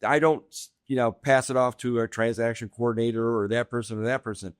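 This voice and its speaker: A middle-aged man appearing as a guest on a podcast, telling animated anecdotes and laughing often as he goes. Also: medium pitch, a little fast, clean tone, no room sound, studio quality. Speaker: guest real estate agent. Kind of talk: casual podcast storytelling. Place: indoor podcast room.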